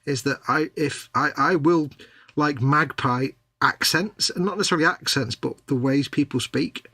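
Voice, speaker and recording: Bright, husky-voiced man chatting. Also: fairly high pitch, normal speed, no room sound. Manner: rambling, restarts a lot, reads out chat comments. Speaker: co-host of a live model-making stream. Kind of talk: casual live-stream chat.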